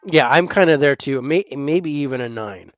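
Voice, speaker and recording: A man with a somewhat high voice co-hosting a relaxed talk over drinks. He speaks haltingly, often repeating words before finishing a thought. The recording is dry and close. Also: no room sound, highs cut off, soft background music. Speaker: podcast co-host. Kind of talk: casual chat over drinks.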